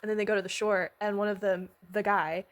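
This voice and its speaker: Rambling, excitable woman vlogger. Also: medium pitch, fairly quick, slight background noise. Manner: rambling, excitable, swears and laughs. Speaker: vlogger recapping a miniseries. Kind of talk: casual rambling recap.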